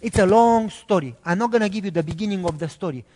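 A man from Romania, preaching a sermon in an animated, emphatic way. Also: high voice, fast talker, long reverb tail, slight background noise.

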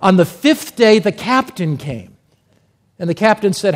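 A man's voice: high voice, expressive, a little slow. A male preacher giving a sermon, telling a story and reading scripture with emphatic delivery.

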